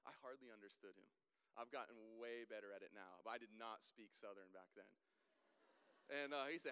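Animated male storyteller in a reverberant hall. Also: a little high, brisk, clear, resonant tone. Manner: animated storyteller, acts out dialogue. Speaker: guest speaker. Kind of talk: storytelling testimony talk. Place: large hall with long reverb.

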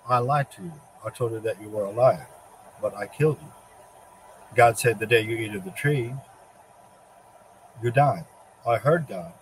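A man's voice: lowish voice, normal speed, pauses often, slight background noise, natural voice, poor audio. A man voicing Satan as a gloating, boastful male devil in a spoken religious monologue, taunting and self-satisfied.

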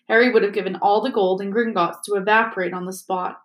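A woman teacher reading a chapter book aloud to her students in a steady, expressive way. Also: medium pitch, fast, echoey room, low-quality recording. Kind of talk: storybook read-aloud.

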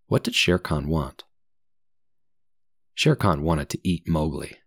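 Deep-voiced man reading a story for learners. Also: expressive, slow, gravelly, long pauses, fairly bright tone, breathy edge, no room sound, studio quality. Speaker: English teacher. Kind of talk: story reading with comprehension questions.

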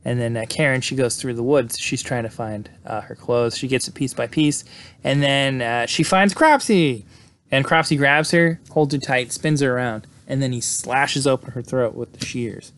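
A man's voice: medium pitch, normal speed, fairly bright tone, slight background noise. Rambling man recapping a movie. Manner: rambling, many fillers, acts out quotes. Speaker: movie reviewer. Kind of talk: casual plot recap.

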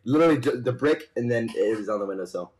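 A man's voice: medium pitch, lively intonation, fast, darkish tone, poor audio. A young man co-hosting a podcast, casually telling a long rambling joke and laughing along with it. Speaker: podcast co-host.

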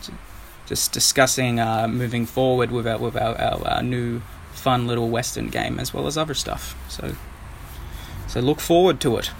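A man's voice: medium pitch, fairly even intonation, normal speed, vocal fry, slight background noise. A man hosting a casual podcast chat, joking and stumbling through fillers and restarts. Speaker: podcast host.

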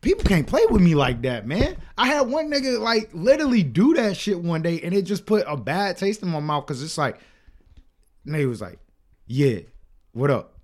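A man's voice: high voice, sing-song, fairly quick. A young man co-hosting a podcast, chatting casually and telling profane stories with acted-out quotes. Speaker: podcast co-host. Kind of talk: casual chat.

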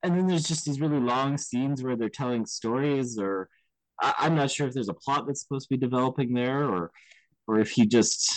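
A man co-hosting a podcast, talking casually about films in an animated way and often checking in with his listener. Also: mid-range voice, brisk, no echo, poor audio. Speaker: podcast co-host. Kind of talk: casual film discussion.

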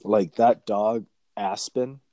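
A man's voice: lowish voice, steady tone, slow, dark tone. A young man chatting casually as a podcast co-host, rambling and swearing constantly. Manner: crude, profane, rambling. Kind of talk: casual chat.

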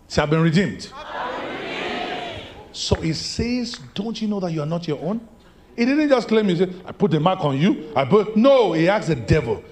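A male pastor, preaching a sermon and moving between shouted lines and hushed ones. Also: medium pitch, big pitch swings, moderate pace, pauses often, a little hiss or hum. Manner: preaching with big swings from shouts to near-whispers.

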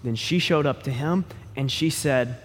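A man preaching a sermon as pastor, in an animated, joking, conversational way. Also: medium pitch, a little slow, long reverb tail, slight background noise.

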